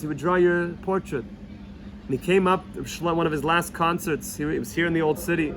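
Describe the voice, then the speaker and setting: A man's voice: a little high, moderate pace, noisy background. A man, a rabbi, telling stories in an earnest Torah talk, repeating himself and sprinkling in Yiddish and Hebrew words. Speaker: rabbi teaching a weekly Torah lesson. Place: Jerusalem.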